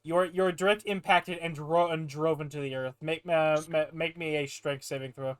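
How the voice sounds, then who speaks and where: A man's voice: a little high, steady tone, moderate pace, dry recording, clean studio sound. A man narrating as game master for a tabletop game, playful and often stumbling over his words. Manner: stammering, playful.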